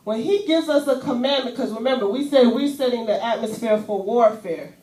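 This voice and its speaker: A woman's voice: on the high side, brisk, far from the mic. Woman preaching in an echoey church. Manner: animated, conversational preaching with casual asides. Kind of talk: sermon with volunteers on stage. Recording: echoey church room, voice from afar.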